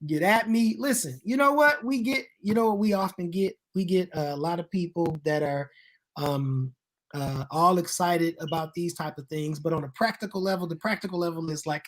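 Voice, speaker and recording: A co-host on a video call who talks in an animated, joking, colloquial way. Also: mid-range voice, moderate pace. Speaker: co-host, ministry worker. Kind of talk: casual online talk show.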